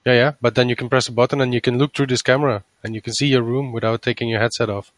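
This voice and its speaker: A man's voice: mid-range voice, fairly even intonation, rapid-fire, no echo. Co-host, man, dry close sound, asks lots of questions. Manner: inquisitive, reads out product text. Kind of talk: casual chat.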